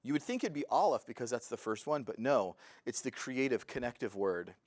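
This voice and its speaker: A man teaching a verse-by-verse Bible lesson in an earnest, preacherly way that swells into excited fervor. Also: medium pitch, brisk, no echo.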